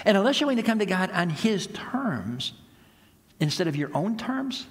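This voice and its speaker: Man, pastor, conversational sermon, storytelling, slightly high voice, echoey hall. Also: sing-song, moderate pace.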